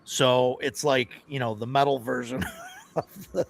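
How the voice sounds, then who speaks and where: A man hosts a relaxed gaming chat with a voice of ordinary pitch. He tells stories in loose, rambling runs and laughs often as he talks. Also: measured pace, creaky. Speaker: podcast host. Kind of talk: casual chat.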